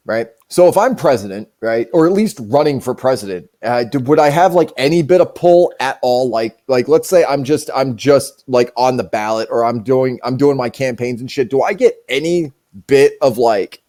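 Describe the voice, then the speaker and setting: A man's voice: mid-range voice, animated, moderate pace, warm tone. A man hosting a live stream, rambling and joking with plenty of profanity in casual chat. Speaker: streamer and show host.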